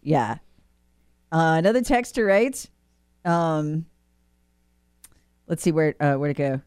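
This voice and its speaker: A woman's voice: low-pitched, lively intonation, takes it slowly, a little mellow, smooth, no echo, studio quality. A woman co-hosting a radio talk show, chatting playfully and reading listener texts aloud. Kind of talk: casual radio chat.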